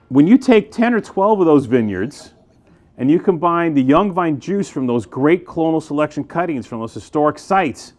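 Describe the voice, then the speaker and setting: A man who runs a wine shop, giving a chatty, enthusiastic wine review with lots of fillers and restarts. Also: on the high side. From United States. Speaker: wine retailer. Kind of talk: casual wine review to camera.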